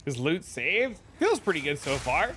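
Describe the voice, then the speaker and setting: A man's voice: a little high, big pitch swings, moderate pace, pushed and bright, a little hiss or hum. A man streaming a game and telling crude joking stories in casual chat, swearing often.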